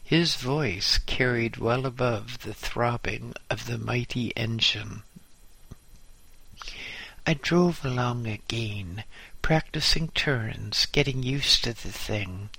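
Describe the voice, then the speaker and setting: A man narrating a memoir audiobook in a measured, dryly humorous way. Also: mid-range voice, vocal fry, sharp tone, slightly rough.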